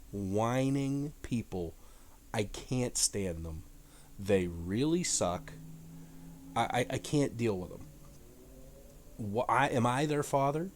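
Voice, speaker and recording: A man's voice: medium pitch, slight background noise, close to an everyday voice. A man voicing an exasperated prophet ranting that his people are too much for him. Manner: exasperated, stammering rant.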